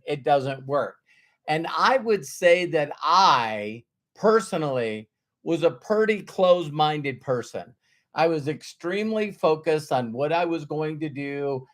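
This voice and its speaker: A man from North Dakota hosting a live stream as a motivational speaker, greeting viewers by name and repeating his key lines in an earnest, emotional way. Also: a little high. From North Dakota, USA. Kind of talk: casual live-stream talk.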